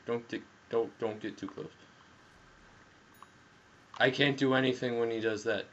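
A young man giving casual, jokey commentary while playing a game, yelling at the action and talking through a headset mic. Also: medium pitch, a little slow, pauses often. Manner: excitable, jokey, yells at the game. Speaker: gameplay commentator. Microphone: gaming headset. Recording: dull headset audio with faint noise.

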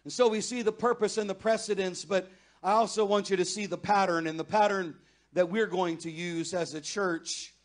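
High voiced guy preaching in church, chatty then gets loud and fired up. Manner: builds from conversational to loud impassioned pleading. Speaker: pastor. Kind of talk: sermon. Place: church sanctuary.

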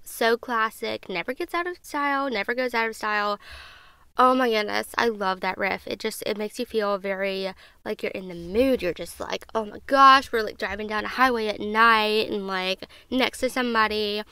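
Woman, twenties, gushing podcast host, smooth clear voice, dry close sound. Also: medium pitch, steady tone, moderate pace, pushed and bright, no echo. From Southern United States. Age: 20s. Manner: bubbly and gushing. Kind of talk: casual music review chat.

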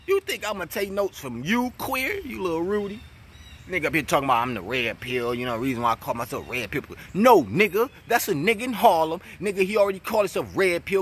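Husky, animated New York man ranting. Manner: mocking, profane and animated, swings between loud jabs and low mutters. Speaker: battle rap commentator. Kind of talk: trash-talking vlog rant.

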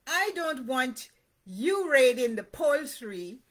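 A woman's voice: high-pitched, very animated, slow, exaggerated voice. A woman reading the lines of a wary male fox in a children's storybook, defensive about being blamed.

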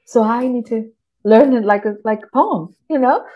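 A middle-aged woman from Texas, a writer on a podcast, talking in casual interview chat, animated, swearing freely and laughing often. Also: on the high side, moderate pace, dull audio.

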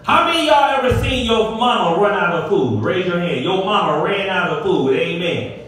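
A middle-aged male pastor preaching a sermon with call-and-response to his congregation, sometimes rising to shouts. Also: high-pitched, expressive, normal speed. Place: church sanctuary. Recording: echoey hall, far from the mic.

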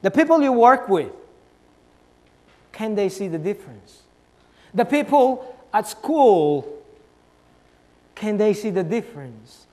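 A male pastor with a notably high voice delivers a sermon. He drives his points with repeated rhetorical questions. He swings from loud stresses down to soft, low asides. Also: big pitch swings, slow, long pauses, big-room sound.

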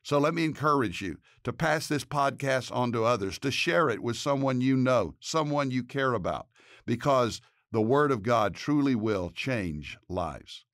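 A man, a pastor and podcast host, reading a scripted devotional narration and leading a prayer in an earnest, measured way. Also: mid-range voice, expressive, a bit bright, no echo, clean studio sound.

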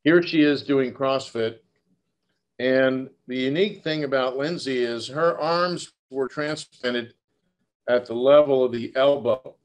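A man's voice: medium pitch, a little slow. A man in his sixties, a surgeon giving a conversational lecture, telling stories and turning to audience members by name. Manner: storytelling, direct address to audience members.

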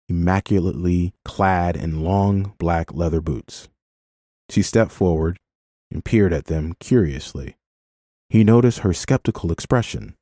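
A man narrates a novel in a measured, expressive reading voice. His tone is deep and warm. The recording is dry and close to the mic. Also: no room sound. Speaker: audiobook narrator. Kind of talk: scripted narration.

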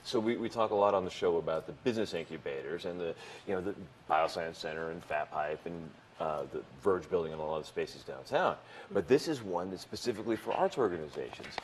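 Fast-talking, lively morning show host. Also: male voice, deep voice, slight background noise. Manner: chatty, upbeat, quick to react. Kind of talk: casual morning radio interview.

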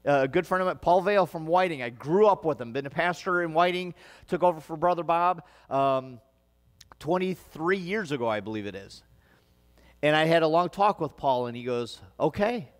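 Man, pastor, Midwestern accent, higher-pitched voice, earnest sermon, long church reverb. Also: expressive, normal speed. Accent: Midwestern American. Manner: earnest, conversational preaching with rising emphatic passages. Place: church sanctuary.

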